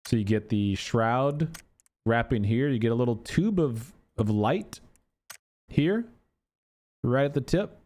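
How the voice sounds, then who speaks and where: A male content creator walks through game cosmetics in a loose, casual way. His pitch jumps around a lot as he rants. He swears freely and sounds exasperated. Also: slow, long pauses. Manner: animated, exasperated ranting with profanity.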